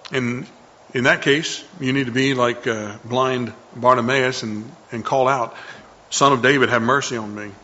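A man's voice: medium pitch, bright, forceful tone, muffled recording. A man preaching a sermon to a congregation in an earnest, conversational way, often repeating himself.

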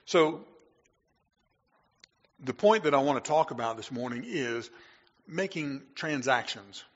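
Male pastor, casual preaching with asides, slightly raspy, reverberant church sound. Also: medium pitch, expressive, takes it slowly. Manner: conversational preaching with fillers and humor. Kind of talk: sermon. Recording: echoey hall, dull lo-fi sound.

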